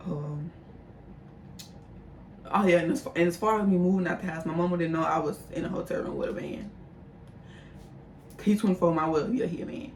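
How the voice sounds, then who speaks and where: A woman's voice: fairly low pitch, a little mellow, far from the mic. A young woman casually telling a personal story to her viewers, chatty and talking straight to the audience. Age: young adult. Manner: chatty, addresses viewers as y'all. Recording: roomy echo, voice a bit off-mic, faint background hum.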